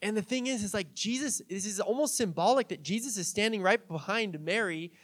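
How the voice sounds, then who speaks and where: A man's voice: high-pitched, brisk, a bit bright. A young man preaching a sermon in a casual, conversational way, telling stories with fillers and light jokes. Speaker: pastor.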